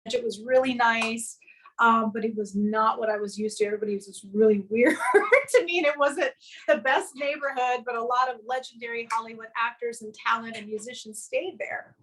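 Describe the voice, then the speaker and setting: A woman from the American South recounts her early days in a rambling, earnest way, acting out the people in her story as she goes. Her voice sits a little high for a woman. She is talking over a video call from her home music studio. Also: steady tone, a little fast, fairly bright tone, low-quality recording. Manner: earnest, rambling anecdote with quoted dialogue. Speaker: guest actress and filmmaker. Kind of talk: casual storytelling in an interview.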